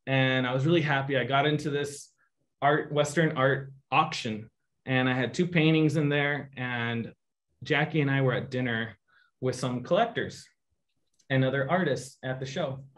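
During a painting demo, a guest artist shares an anecdote with his online audience in a casual, animated way, performing the voices of the people he quotes. His voice is mid-range and his pace moderate.

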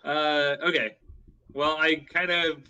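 A man's voice: fairly high pitch, fairly even intonation, takes it slowly, bright, forceful tone. A man playing a tabletop game, plainly and a little hesitantly describing his character's actions. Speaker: player. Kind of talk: casual online game chat.

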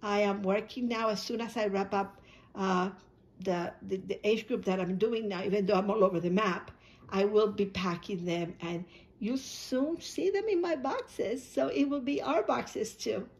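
A woman's voice: mid-range voice, measured pace, darkish tone. A woman hosting her own video channel, talking casually and emotionally to her viewers, full of thanks and frequent restarts. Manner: emotional, grateful, many restarts and repeated words. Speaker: YouTube channel host.

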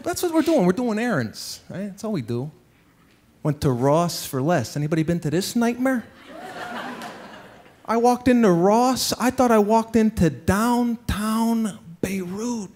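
A man's voice: high voice, measured pace, a little hiss or hum. A man doing a stand-up comedy routine, telling exasperated stories and acting out the people in them. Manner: exasperated, animated storytelling with acted-out impressions. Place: stage before a live audience.

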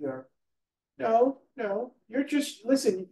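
A man with a high voice teaches a live training class, talking casually and checking in with the room. The sound is roomy and echoey. He is picked up from some distance away. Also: animated, normal speed, a little mellow. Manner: conversational, asks the room questions, repeats "right?". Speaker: real estate trainer.

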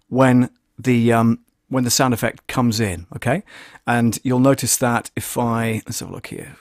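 A male audio producer hosts a casual tutorial stream, narrating each step as he goes. He thinks aloud with frequent fillers and restarts. His voice sits in an ordinary middle pitch and is recorded dry, with almost no room echo.

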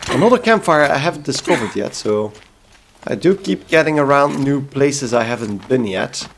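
A man's voice: medium pitch, lively intonation, normal speed, creaky, a little hiss or hum. A man from Belgium hosting a let's play, chatting casually and making wry asides to viewers. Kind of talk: casual gameplay commentary.

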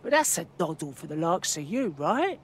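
A woman's voice: lowish voice, sing-song, moderate pace, a little hiss or hum. A woman voicing a blunt, foul-mouthed London resistance contact in a game briefing, with a London accent. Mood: scornful. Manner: blunt, sweary, slangy briefing. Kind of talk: video game mission briefing.

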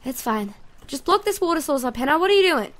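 Aussie girl gamer, high bright voice, excitable and chatty, talking to herself while she plays. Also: racing. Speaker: gaming YouTuber. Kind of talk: casual let's-play commentary.

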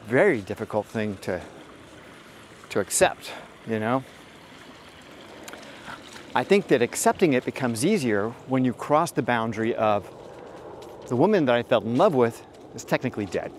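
A middle-aged man talks through his advice in a loose, unscripted monologue, his voice sitting at an ordinary middle pitch. He rambles and circles back with plenty of fillers, and he drops blunt, profane asides along the way. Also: a little hiss or hum. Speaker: dating advice host. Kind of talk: casual storytelling monologue.

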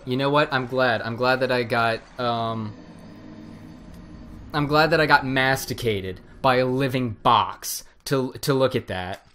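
A man co-hosting a casual gaming show, reacting in a dry, deadpan way. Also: mid-range voice, measured pace. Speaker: co-host.

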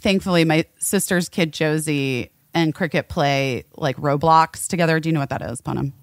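A woman's voice: low voice, normal speed, no echo, studio quality. A woman hosting a podcast, telling a story in casual chat with lots of swearing and filler words. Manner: animated, swears, many "like" fillers. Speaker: podcast host.

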